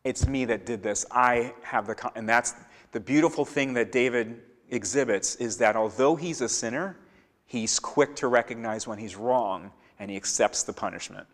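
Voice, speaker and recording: A man gives a Torah teaching in a church hall whose long reverb trails after his words. He moves between plain explanation and acted-out lines for the characters in the story. His voice sits at an ordinary pitch for a man. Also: moderate pace. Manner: acts out biblical characters' lines with shifting voice. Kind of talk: Bible teaching. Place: church sanctuary.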